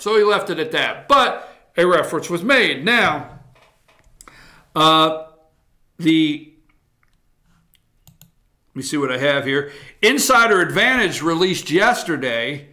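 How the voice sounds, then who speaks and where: A male talk-show host gives his political opinions in a blunt, animated way and drops in mild swearing. His voice sits high and sounds bright and forceful. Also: takes it slowly, pauses often. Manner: blunt, animated, mildly profane.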